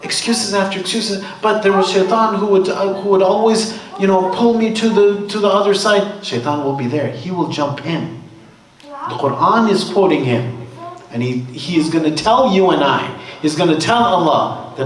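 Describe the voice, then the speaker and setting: A man gives a sermon at a religious gathering in a casual, joking, storytelling way. His voice is fairly high and a little slow, recorded from afar in a roomy hall through a distant mic with a little hiss or hum.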